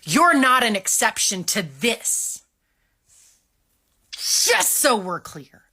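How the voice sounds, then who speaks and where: Slow, scolding woman lecturing her viewers. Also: a little high, very animated, bright, forceful tone. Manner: scolding, profane, slow and deliberate. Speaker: vlogger. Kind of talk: social media rant.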